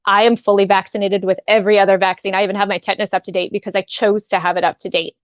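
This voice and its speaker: A woman guest on a talk show telling a painful personal story, halting and emotional, with many restarts. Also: mid-range voice, flat delivery, dry recording. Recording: dull dry sound.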